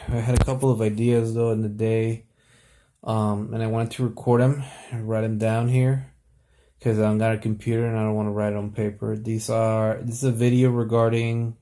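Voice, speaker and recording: A man's voice: lowish voice, creaky, warm tone. A young man talking casually to camera late at night, rambling with lots of fillers and restarts.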